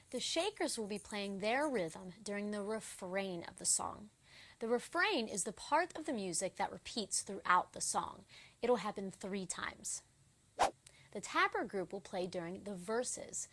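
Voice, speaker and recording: A woman teaching children a rhythm lesson, speaking slowly and clearly in a gentle, encouraging way. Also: mid-range voice, animated, background noise. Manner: gentle, encouraging, counts beats aloud. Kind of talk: slow, clear instruction for children.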